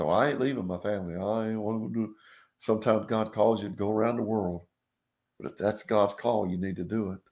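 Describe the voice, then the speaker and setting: Gravelly preacher telling stories. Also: male voice, on the low side. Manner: folksy, acts out voices in stories, swings from loud to hushed. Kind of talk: sermon with storytelling.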